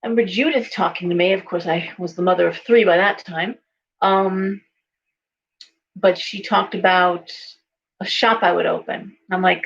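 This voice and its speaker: A woman's voice: fairly low pitch, steady tone, moderate pace, vocal fry, lo-fi sound. A woman in her forties talking casually, a chatty storyteller who acts out the voices she quotes. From California. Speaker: psychic shop owner and host. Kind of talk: casual talk to camera.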